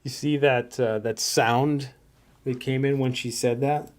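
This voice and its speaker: A man's voice: mid-range voice, fairly even intonation, unhurried. A Canadian man giving casual political commentary on prepper news, blunt, sarcastic and profane. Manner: blunt, sarcastic, profane, mocking put-on voices.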